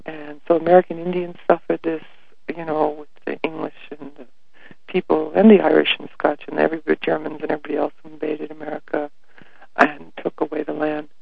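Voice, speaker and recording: A man and spiritual workshop leader telling personal stories in a reflective way, soft-spoken and often dropping to a near whisper. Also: fairly high pitch, little pitch movement, brisk, gravelly. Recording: dry, phone-like narrow sound.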